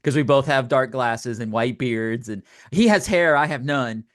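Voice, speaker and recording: In a clean studio recording with no room sound, an older podcast co-host has a casual chat at a moderate pace. His voice is medium-pitched, and he animatedly acts out quotes while telling stories.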